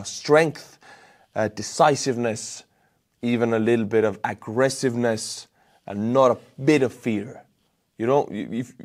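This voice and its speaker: Emphatic Estonian-accented man giving commentary. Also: mid-range voice. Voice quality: emphatic, animated, with sudden loud outbursts. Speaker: war news commentator. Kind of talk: opinionated commentary vlog.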